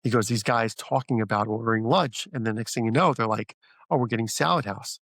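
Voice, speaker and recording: A middle-aged man talks through a casual business interview, circling his points with fillers and false starts. His voice sits at an ordinary pitch. The recording is close and dry. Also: a little fast, dry recording. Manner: rambling, many fillers and restarts; animated when retelling stories. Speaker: franchise founder guest.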